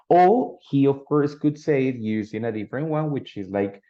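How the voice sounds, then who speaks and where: A man's voice: mid-range voice, normal speed, few pauses. A man teaching an English grammar lesson, explaining patiently and checking in with students with "no?" and "ready?". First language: Spanish. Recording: dull lo-fi sound.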